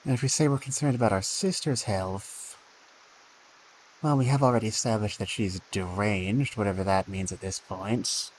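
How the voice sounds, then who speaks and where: A man's voice: on the low side, normal speed, slight background noise, rough recording. A man streaming a game, thinking aloud with dry asides and reading the game text.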